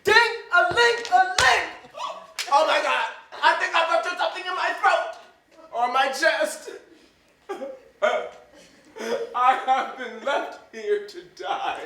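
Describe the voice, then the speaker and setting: An actor playing a petulant, bossy hypochondriac master in a stage comedy, complaining and wailing theatrically. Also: male voice, very high voice, drawn-out words, long pauses, a bit bright, distant mic, slight background noise, exaggerated voice. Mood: grumbling. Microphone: distant room mic. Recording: echoey theater recorded from afar.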